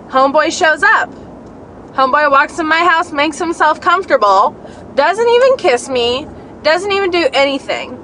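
Young woman vlogger, high voice, swears a lot, rambling story told from a car with faint traffic behind. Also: low-quality recording. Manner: profane, rambling, animated storytelling. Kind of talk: casual storytelling while driving. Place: car on city streets.

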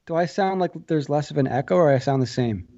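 A man's voice: fairly high pitch, fast talker, gravelly, mellow. A man with a New Jersey accent chatting on a podcast in a laid-back, self-deprecating way. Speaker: podcast co-host. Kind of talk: casual podcast chat. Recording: dull lo-fi sound.

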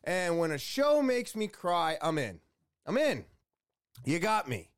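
A man's voice: sits high, wildly swooping pitch, slow pace, no room sound, clean studio sound. A man hosting a podcast, talking in a rambling, blunt way with swearing and lots of fillers. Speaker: podcast host. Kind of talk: casual podcast rant.

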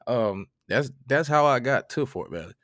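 A young man, telling an animated, profane story in casual chat. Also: medium pitch, normal speed, no echo, studio quality.

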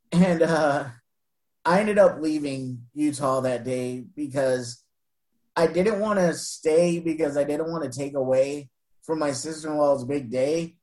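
A man telling an emotional personal story in an interview, earnest and halting, with frequent restarts and soft laughs. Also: on the high side, poor audio. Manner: retells exchanges by voicing both sides.

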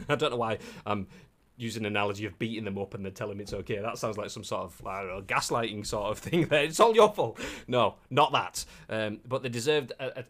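A man's voice: on the low side, fast, fairly bright tone. A man hosting a casual live-streamed video game news show, reading articles aloud with jokey asides. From United Kingdom.

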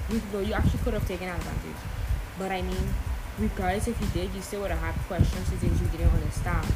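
Chatty young Caribbean woman podcaster. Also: on the low side. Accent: Caribbean, softened toward a general English. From Caribbean, Saint Martin. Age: young adult. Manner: chatty, rambling, laughs often, slang-sprinkled. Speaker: podcast host. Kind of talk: casual solo podcast chat.

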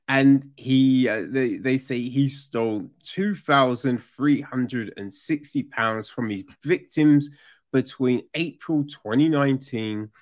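A man giving casual, sarcastic true crime commentary, animated and full of swearing. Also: medium pitch.

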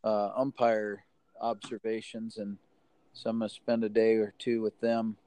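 A man, a podcast guest speaking in a reflective, halting way. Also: on the low side, monotone, mellow. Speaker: podcast guest, officials director. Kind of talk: casual chat.

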